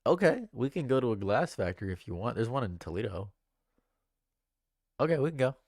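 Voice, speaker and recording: A man's voice: medium pitch, big pitch swings, a little fast, a little mellow, no echo, studio quality. A man streaming casual commentary, joking and chatting as he reads and answers his chat.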